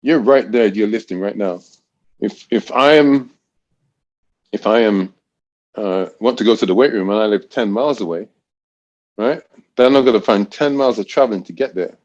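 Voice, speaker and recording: A man's voice: on the low side, normal speed, long pauses, a little mellow, lo-fi sound. A man in his sixties from Great Britain, a college throws coach telling stories in a casual interview, rambling with frequent restarts.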